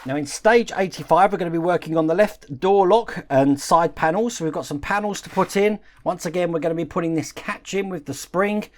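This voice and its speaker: A man hosting a model-building channel, calmly explaining each step of the build while he works with his hands. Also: high voice, a little fast, hardly any pauses.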